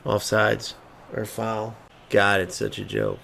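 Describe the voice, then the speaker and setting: A man's voice: on the low side, little pitch movement, slow, creaky, a bit bright, slight background noise. A man ranting angrily and swearing freely while commenting on his own football video game match, mocking opponents and muttering between outbursts. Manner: angry, profane, swings between mocking and muttering. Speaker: gaming streamer. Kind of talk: ranting live gameplay commentary.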